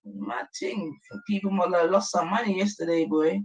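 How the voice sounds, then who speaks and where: A man's voice: sits high, fairly even intonation, brisk, poor audio. A man chatting casually on a game stream, laid-back and slangy, laughing often.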